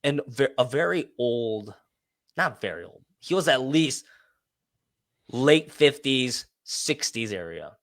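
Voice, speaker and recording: Male podcast co-host, fed-up storyteller, curses a lot, mid pitch, dry close sound. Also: sing-song, slow, fairly bright tone, no echo. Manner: frustrated, swears, repeats himself. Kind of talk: casual storytelling.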